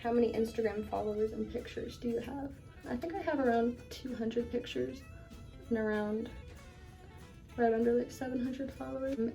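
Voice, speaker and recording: A woman's voice: on the high side, recorded from a distance, lo-fi sound. A young woman vlogger chatting casually while curling her hair, answering viewer questions with plenty of ums. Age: young adult. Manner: relaxed and chatty, frequent ums.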